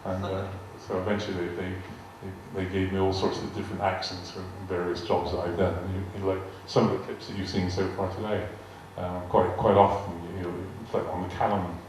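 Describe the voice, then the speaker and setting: Older west country guy, low voice, chatty storyteller, big echoey hall, mic far off. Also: flat delivery, fairly quick, few pauses, darkish tone. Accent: West Country English. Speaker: guest speaker answering audience questions. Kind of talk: anecdotal talk to a live audience. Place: large arts hall. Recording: echoey hall, distant mic, faint hiss.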